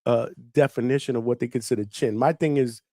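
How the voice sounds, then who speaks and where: A man hosting a live call-in show with a mid-range voice and a dry, close-up sound. He is upbeat, laughs easily and keeps the talk moving with quick affirmations. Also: mid-range voice, fairly even intonation, a little mellow, no echo. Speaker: host.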